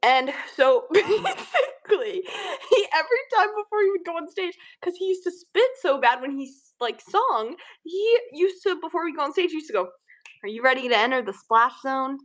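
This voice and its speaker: A woman's voice: very high-pitched, very animated, normal speed. A young woman hosting a casual livestream, chatting dramatically with friends and breaking into laughter and shrieks. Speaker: livestream host.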